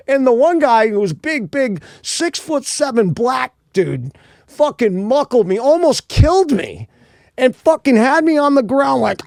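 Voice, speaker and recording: Fast-talking high-voiced New man. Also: no echo, clean studio sound. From Rhode Island, US. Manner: animated, profane, acts out quoted voices. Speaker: podcast co-host telling his story. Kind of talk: casual storytelling.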